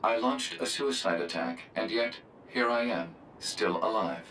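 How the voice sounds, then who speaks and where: A man voicing a literal-minded male robot support pod in a video game, speaking in a flat, formal way. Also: low voice, a little slow, a little hiss or hum, rough recording. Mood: deadpan.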